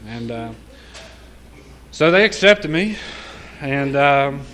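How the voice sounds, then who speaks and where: A man's voice: mid-range voice, animated, takes it slowly, long pauses, a bit bright, a faint crowd. A man sharing his recovery story in casual, profane storytelling, often laughing as he talks.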